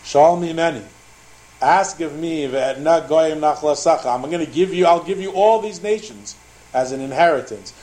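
A man's voice: fairly high pitch, moderate pace, darkish tone, low-quality recording. A man teaching a Torah class, translating Hebrew verses line by line and acting out the dialogue with animation.

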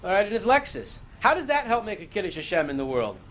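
A man's voice: sits high, very animated, quick pace, a bit bright, poor audio. A man teaching a Torah class, reading Hebrew verses and explaining them in a casual, conversational way, sometimes losing his place.

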